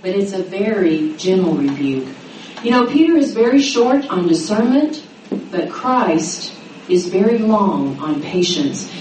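A middle-aged woman teaching a sermon to a women's gathering, acting out the quoted voices with lively pitch. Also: measured pace. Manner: animated, dramatizing quotes with rising pitch. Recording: roomy echo, mic at a distance, faint noise.

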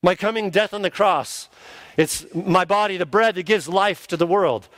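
A man's voice: high voice, moderate pace, fairly bright tone. A man, a pastor, preaching an earnest sermon and now and then acting out the voices of the people he quotes.

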